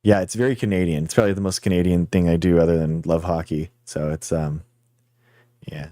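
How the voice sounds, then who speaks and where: A man hosts a livestream with a low, mellow voice, chatting loosely and rambling as he answers his viewers directly. The sound is dry and close, with no room echo. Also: steady tone, brisk. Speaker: livestream host. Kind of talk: casual livestream chat with viewers.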